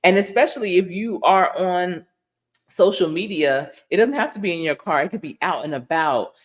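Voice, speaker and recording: Woman, middle-aged, livestream host, casual storytelling, animated, laughs a lot. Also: lowish voice, normal speed. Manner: animated, laughs often, acts out quoted voices. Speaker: life coach and livestream host. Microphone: livestream setup.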